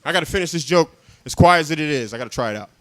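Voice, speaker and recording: Young man, stand-up comedian, fairly high voice, chatty, self-mocking, chuckles at his own lines. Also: animated, very fast, no echo. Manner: chatty, self-mocking, drops to quiet asides; laughs at his own jokes.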